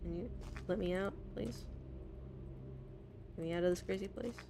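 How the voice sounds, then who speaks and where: A woman's voice: lowish voice, normal speed, background noise. A woman streamer playing a game, talking to herself in a chatty, casual way and laughing often.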